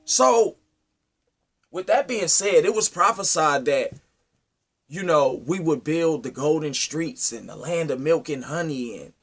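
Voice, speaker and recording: Lively, confrontational man preaching. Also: unhurried. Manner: preachy, confrontational, asks rhetorical questions; wide swings from loud to low. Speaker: speaker addressing his community. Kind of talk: impassioned monologue.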